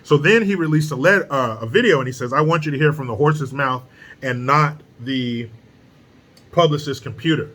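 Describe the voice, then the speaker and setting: Blunt, profane male commentator with a forceful voice. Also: on the high side, moderate pace. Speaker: political commentary host. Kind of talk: casual opinion commentary.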